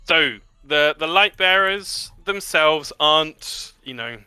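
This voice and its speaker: A man narrating a tabletop game as game master, in a relaxed, chatty way with many fillers. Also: on the high side, slow, clear, resonant tone, dry recording, faint music behind.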